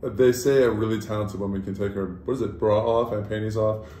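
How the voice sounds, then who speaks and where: A man co-hosting a podcast, talking loudly and animatedly and swearing a lot. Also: lowish voice, fairly even intonation, fairly quick. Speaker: podcast co-host. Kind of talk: casual chat. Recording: echoey room with faint hiss.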